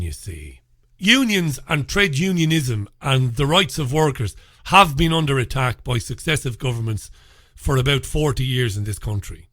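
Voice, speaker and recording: A man's voice: mid-range voice, a bit bright, dry recording, clean studio sound. A man with an Irish accent hosting a solo talk radio show, chatty and opinionated with informal asides. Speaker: radio host. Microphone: studio microphone.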